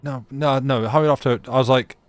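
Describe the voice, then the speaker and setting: A man's voice: mid-range voice, steady tone, fairly quick, no echo. A man streaming a story game live, reading its narration aloud with casual, chatty asides and playful restarts.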